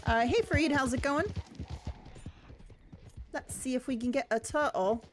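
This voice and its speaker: A woman's voice: high voice, measured pace. Chatty, giggly woman streaming a game. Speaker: gaming streamer. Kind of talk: casual livestream commentary. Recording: noisy stream audio.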